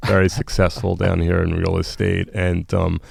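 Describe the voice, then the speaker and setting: A man's voice: low-pitched, completely flat delivery, normal speed, creaky, a little mellow, husky, dry recording, studio quality. A man telling a raw personal story as a podcast guest, bluntly and emotionally, often restarting his sentences. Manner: blunt, emotional, with frequent restarts and quoted dialogue. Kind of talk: candid storytelling in a podcast interview.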